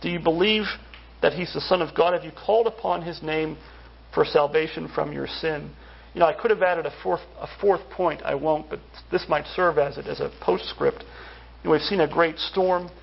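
A man's voice: a little high, normal speed, vocal fry, husky, dull audio. A man preaching a sermon in a conversational way, asking his listeners many rhetorical questions. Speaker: pastor.

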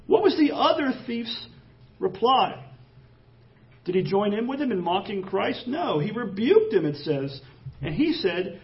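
A man's voice: sits high, very animated, measured pace, distant mic. A man preaching an expository sermon, reading scripture aloud and pressing the points with rising emphasis. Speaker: pastor. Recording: dull lo-fi sermon audio.

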